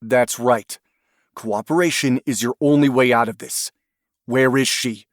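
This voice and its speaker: A man's voice: mid-range voice, steady tone, a little slow, dry recording, close to an everyday voice. Brief: male narrator as a hard-nosed male agent, clipped and commanding, dry close sound. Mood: stern. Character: stern, angry male federal agent.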